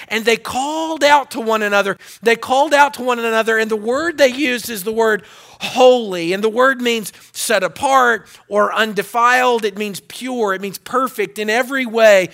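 A male pastor preaching a sermon to his church, repeating phrases, swelling loud for emphasis and dropping to quiet intensity. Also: high-pitched, gravelly. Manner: preaching with repetition, rising to loud emphasis and dropping to hushed tones.

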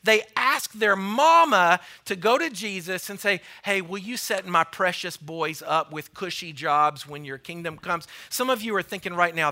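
A male pastor preaching a sermon, retelling a story with lively voices for the characters and repeating phrases for emphasis. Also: sits high, unhurried. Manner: animated storytelling, acting out the voices of biblical figures.

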